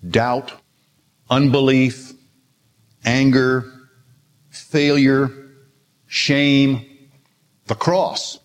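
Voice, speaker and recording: A man's voice: mid-range voice, level tone, very slow, long pauses. An older man preaching a sermon in an earnest, storytelling manner, quoting scripture with emphasis. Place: church sanctuary. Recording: long reverb of a large hall.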